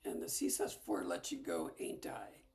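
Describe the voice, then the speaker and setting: A woman leading a casual ukulele lesson, explaining chords in a soft, half-whispered way. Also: extremely low pitch, moderate pace, faint music behind. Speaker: ukulele teacher. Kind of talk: casual music lesson with singing.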